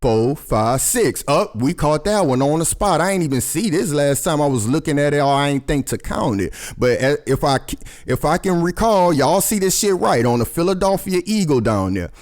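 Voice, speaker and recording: A man's voice: a little high, normal speed. A man hosting a rambling conspiracy commentary, swearing constantly, talking straight to his viewers and getting worked up. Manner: profane, excitable, talks to viewers as y'all, swears constantly. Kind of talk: profane rambling commentary over logos.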